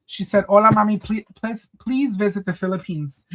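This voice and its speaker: On a casual livestream, a man with a high, fairly bright voice talks at a normal speed. He's campy and sassy with the chat, calling people girl and honey and slipping into Spanish.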